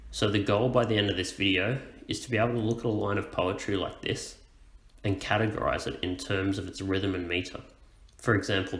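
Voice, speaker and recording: A man teaching a lesson, explaining things slowly and clearly. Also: low voice, reverberant, low-quality recording. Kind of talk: educational explainer.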